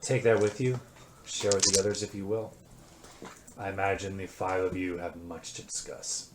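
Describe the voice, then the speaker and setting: Figure: formal temple priestess voiced by a man. Tone: measured. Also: sits low, flat delivery, natural voice. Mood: solemn. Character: calm female temple priestess, wise and kind. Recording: echoey room with loud noise.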